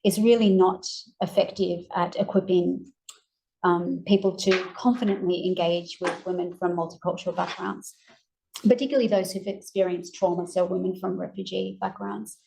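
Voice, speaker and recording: Hoarse Australian woman presenting research. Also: fairly low pitch, steady tone, mellow, rough recording. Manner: measured, with frequent ums and self-corrections. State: losing her voice. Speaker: university researcher presenting findings. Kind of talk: academic presentation.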